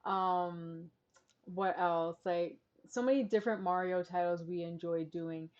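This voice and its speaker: A woman's voice: lowish voice, fairly even intonation, measured pace, a little mellow, dull audio. A woman vlogger giving casual reaction commentary, chatty and full of "like" and "um" fillers.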